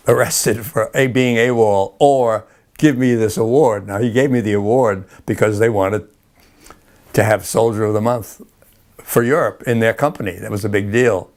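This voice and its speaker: A man's voice: medium pitch, fairly even intonation, normal speed, darkish tone. Older man telling old army stories. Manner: rambling, chuckling storyteller with many restarts. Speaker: interviewee. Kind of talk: oral history interview.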